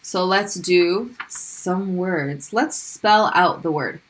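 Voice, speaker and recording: A woman's voice: lowish voice, slow. A woman teaching a recorded Arabic lesson, patiently repeating sounds for learners to practice.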